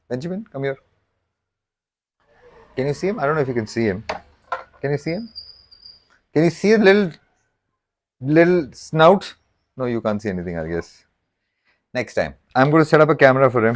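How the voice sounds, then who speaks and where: A man talks casually to his viewers on a live stream as he chops and cooks, jumping from thought to thought. His voice sits at an ordinary middle pitch, and he trips over restarts and jokes along the way. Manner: rambling, self-interrupting, jokey. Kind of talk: casual live chat while cooking.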